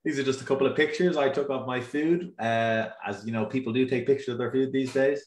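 A man's voice: medium pitch, a little fast, echoey room, a little hiss or hum. An Irish man giving a chatty, enthusiastic talk on a live stream, with many ums and uhs. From Ireland. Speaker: tour operator representative. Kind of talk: casual presentation on a live stream.

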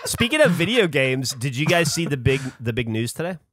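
A man co-hosting a podcast in casual chat, playfully moving between deadpan and excited. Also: medium pitch, fairly quick, a little hiss or hum. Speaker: podcast co-host.

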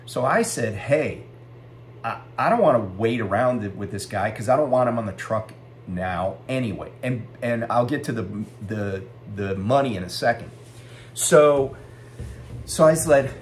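A man's voice: mid-range voice, animated, normal speed, slight background noise. A middle-aged man who drives a truck, telling a story in a casual, ranting vlog and swearing freely.

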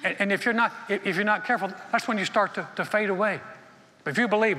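Folksy pastor in an echoing hall. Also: male voice, sits high, fast talker, bright, forceful tone. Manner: folksy storytelling, acts out little dialogues. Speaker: senior pastor. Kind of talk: sermon. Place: church auditorium. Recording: long hall reverb.

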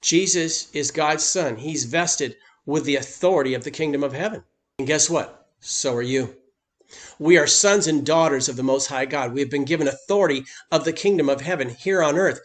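Man, pastor, sermon, emphatic preaching, slightly high voice. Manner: emphatic preaching, voice lifting on key points.

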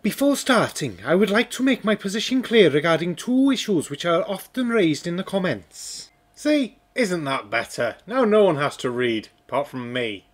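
A man's voice: high voice, sing-song, normal speed. Sarcastic, sweary man. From North Wales. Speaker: host. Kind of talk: reaction commentary.

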